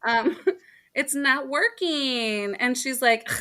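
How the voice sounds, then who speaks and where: A woman co-hosting a chatty podcast, retelling a comic panel by panel and slipping into voices for each character. Her voice sits a little high and sounds bright and crisp. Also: slow pace. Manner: acts out the characters' lines in voices. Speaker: podcast co-host. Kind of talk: casual chat, reading a comic aloud.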